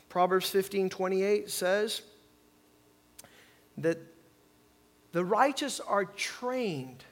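A man preaching a sermon as pastor, calling on the congregation to repeat lines and swinging from quiet reflection to loud emphasis. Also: high-pitched, lively intonation, drawn-out words, long pauses. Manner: preaching with call-and-response, swings from soft to loud.

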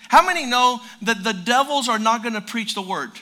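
Male pastor, high bright voice, emphatic repeating sermon delivery. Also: lively intonation, brisk. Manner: drops to a quiet storytelling voice.

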